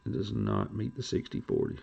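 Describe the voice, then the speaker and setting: A man's voice: fairly low pitch, expressive, a little fast, gravelly, warm tone, slightly rough, dull audio. A man hosting a trading card stream, rambling and joking crudely in casual chat.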